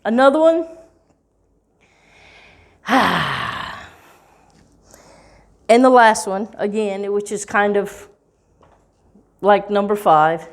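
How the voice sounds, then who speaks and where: Slow, deliberate woman teaching English. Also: mid-range voice. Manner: deliberate, stretches key words, checks in with "okay?" and "right?". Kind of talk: slow, clear teaching talk.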